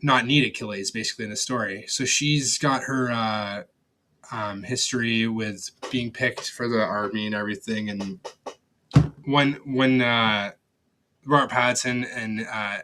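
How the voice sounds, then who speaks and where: A man's voice: lowish voice, steady tone, unhurried, background noise. A young man giving a casual, rambling film review, blunt and profane, with lots of fillers and restarts. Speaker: movie reviewer.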